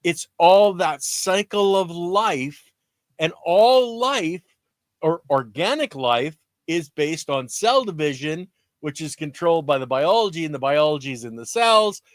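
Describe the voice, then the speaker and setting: A man's voice: fairly high pitch, lively intonation, a little slow, dry recording, studio quality. A man co-hosting a gardening livestream, chatting casually and explaining things in plain everyday terms.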